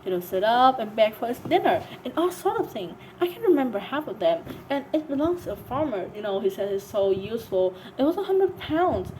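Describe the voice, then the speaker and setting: A woman's voice: on the high side, sing-song, brisk, hardly any pauses, warm tone, slight background noise, low-quality recording. A woman reading as a chatty, curious young girl. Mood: eager. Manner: chattering, eager to please.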